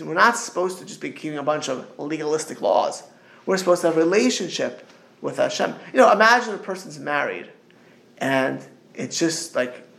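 In an informal religious talk, a middle-aged rabbi wanders off on tangents, often restarting sentences and slipping in little stories. He speaks with a higher-pitched voice and vocal fry.

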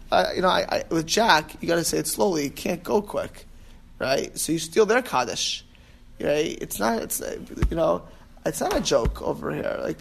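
Guy teaching a class, kinda high for a man, rambles, keeps restarting, gets emphatic. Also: creaky, a little hiss or hum. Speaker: rabbi teaching about prayer. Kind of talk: informal class talk.

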